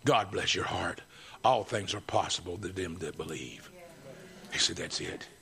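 A middle-aged man preaching a fervent sermon, swinging from shouts to hushed, tender passages. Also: low-pitched, measured pace, creaky, breathy edge.

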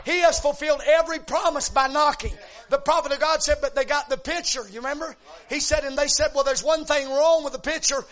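In a very high voice, a man moves through his sermon from laid-back narration to stretched-out, shouted exhortation, dropping amens again and again.

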